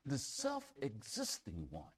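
A man preaching a sermon as pastor, reading scripture aloud and swinging between loud declarations and hushed near-whispers, often repeating words for emphasis. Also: mid-range voice, huge pitch swings, slow pace, breathy edge. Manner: reads scripture aloud in King James wording.

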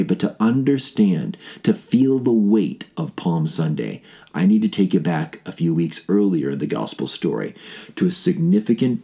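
A man teaching about the gospel story, telling it with animated energy, rhetorical questions and big swings between excited and quiet delivery. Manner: swings from excited high pitch to low, quiet explaining. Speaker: Bible teacher.

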